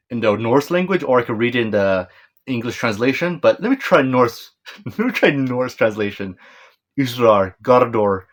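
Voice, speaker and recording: Here a man reviews a manga chapter in a loose, meandering way, his voice sitting in the mid range. He fumbles names, fixes his mistakes, and says sorry with a little laugh.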